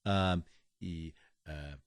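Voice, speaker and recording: A man's voice: low-pitched, steady tone, extremely slow, smooth, no room sound, studio quality. A man co-hosting a casual podcast, rambling and cutting himself off as he reads a sponsor spot. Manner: rambling, self-interrupting. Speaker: podcast co-host. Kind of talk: casual podcast chat with a read ad.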